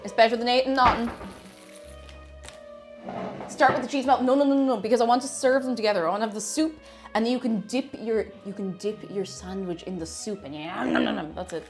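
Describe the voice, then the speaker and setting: A woman's voice: a little high, brisk, over music. A woman with an Irish accent chatting casually on a live cooking stream, reading out messages from viewers. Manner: chatty, reads out chat, lots of restarts.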